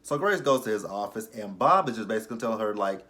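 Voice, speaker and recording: A man's voice: fairly low pitch, lively intonation, fast talker, bright, forceful tone. A man recapping a TV episode in a casual way, with sassy, exasperated asides about the characters. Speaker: TV episode reviewer.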